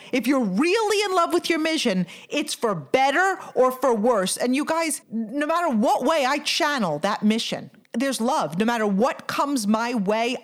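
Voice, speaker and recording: A middle-aged woman hosting a motivational podcast, talking with energy and firing off rhetorical questions. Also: a little high. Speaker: podcast host.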